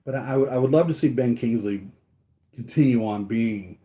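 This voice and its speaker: A man's voice: mid-range voice, moderate pace, dark tone. A man talking casually to his viewers, rambling with many fillers and restarts. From United States. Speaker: toy collector vlogger.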